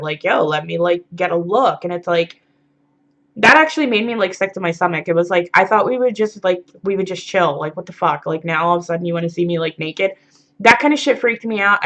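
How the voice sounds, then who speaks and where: A tired woman talks bluntly into her camera, swearing freely and rambling through filler words in a frank confessional vlog. Her voice sits at an ordinary middle pitch. The sound is dull and lo-fi. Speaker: vlogger. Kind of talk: casual confessional monologue.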